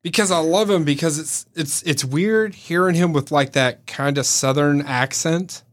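A podcast co-host chats casually about movies, cracking jokes and wandering off on loose tangents. His voice is on the high side and he talks at a normal speed.

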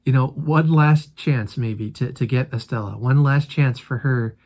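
A man's voice: mid-range voice, unhurried, a little mellow. A male host walks his audience through a classic novel in a casual commentary. He retells each scene animatedly and reacts to it as he talks.

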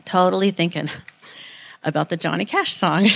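A woman's voice: on the low side, moderate pace, gravelly, a bit bright. A woman giving an informal sermon, earnest and rambling, with many "like"s and restarts. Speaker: church speaker.

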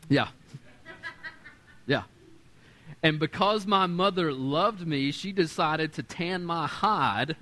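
A man in his thirties preaching a sermon, animated, swinging between loud and quiet and acting out the voices he quotes. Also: a little high, takes it slowly, pauses often. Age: 30s. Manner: acts out quoted voices in conversational storytelling. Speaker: pastor.

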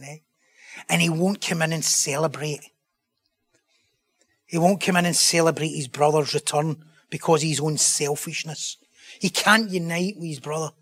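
A man preaches a sermon in a voice pitched a little above the usual male range. He talks with rising passion and presses his listeners with loud, emphatic rhetorical questions. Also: slightly rough.

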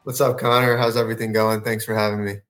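A laid-back male athlete talks on a podcast. His voice is low and fairly flat, with little rise and fall. He answers easily and casually. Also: quick pace. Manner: laid-back, lots of "you know" fillers. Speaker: professional soccer goalkeeper, guest.

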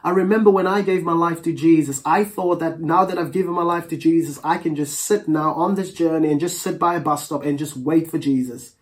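A preacher delivering a Pentecostal sermon in a mid-pitched voice. They read scripture at a slow, deliberate pace and pray in an earnest, measured cadence, calling on the congregation to answer back. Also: steady tone. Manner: reads scripture aloud slowly and calls for congregation responses.

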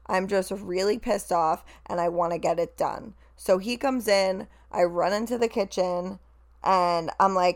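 A young woman telling a frank story about her workday, casual and animated, swearing freely and acting out what others said. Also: medium pitch, a little slow.

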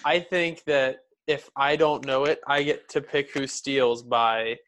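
A man's voice: mid-range voice, fairly even intonation, unhurried, fairly bright tone. A man on a casual podcast, a contestant in a trivia game, self-mocking and hesitant.

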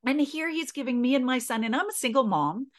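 A woman's voice: high-pitched, expressive, fairly quick. A middle-aged woman speaking as a podcast guest. She tells a personal story earnestly and with feeling, stopping and restarting as she goes.

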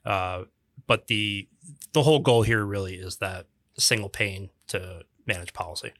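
A man's voice: fairly low pitch, normal speed, fairly bright tone, no room sound. A man co-hosting a podcast, explaining technical topics in a casual, chatty way, with dry jokes and many restarts. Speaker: podcast co-host.

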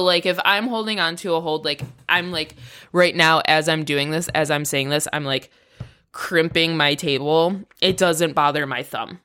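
A woman's voice: lowish voice, fairly bright tone. A woman hosting a personal podcast, talking frankly and with frustration, swearing often and rambling. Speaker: podcast host. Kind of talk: casual personal training update.

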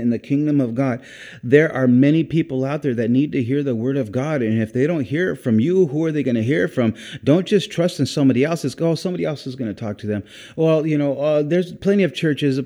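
A man preaching in an informal, earnest way, his voice mellow and warm. He rambles and restarts his sentences, repeating words as he goes. Now and then he drops in a quiet "praise God.". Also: fairly high pitch. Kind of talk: informal sermon.

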